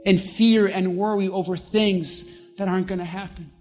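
A pastor preaching a sermon with emphasis, slowing down to stress key words. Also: medium pitch, fairly even intonation, a little mellow.

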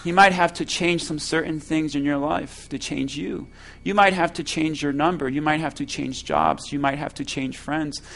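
A man preaching a sermon as pastor, slow and emphatic, asking the congregation rhetorical questions. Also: a little high, gravelly, a bit bright.

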